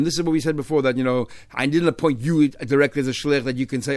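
A man's voice: medium pitch, fast, hardly any pauses, no room sound, studio quality. A man, teaching a Talmud class and explaining each step with Hebrew and Aramaic terms, lifting his voice on key phrases.

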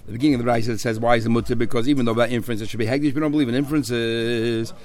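A middle-aged man leads a Talmud class at a brisk clip, talking quickly and working through the text with animated rhetorical questions. His voice sits at an ordinary middle pitch, and he slips Hebrew and Aramaic terms into his explanations. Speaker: Talmud teacher.

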